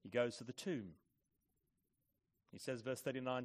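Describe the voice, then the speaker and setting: A man preaching a sermon, moving between hushed, measured reflection and loud, forceful emphasis. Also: medium pitch.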